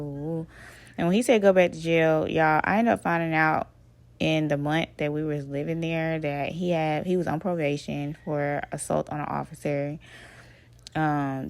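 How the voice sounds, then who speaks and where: A woman from Alabama, telling a personal story in a casual, animated way, swearing and addressing listeners as y'all. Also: sits low, normal speed, creaky, no room sound. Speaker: vlogger.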